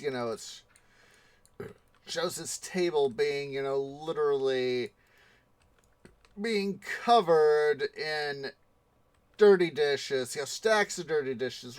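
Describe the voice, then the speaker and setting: A man with a mid-range voice hosts a casual gaming livestream, recorded dry. Chatting while he plays, he rambles through a story full of ums and restarts.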